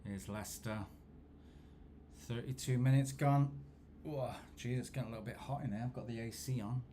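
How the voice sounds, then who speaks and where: A man, host of a football watchalong, telling rambling, self-deprecating stories in a low-key casual chat. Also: steady tone, moderate pace, warm tone, a little hiss or hum. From England.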